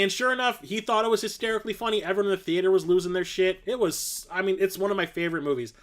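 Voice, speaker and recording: A man's voice: high-pitched, racing, few pauses, fairly bright tone. A man in his forties hosting a casual livestream, rambling and enthusiastic, full of fillers like "um" and "like". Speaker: host.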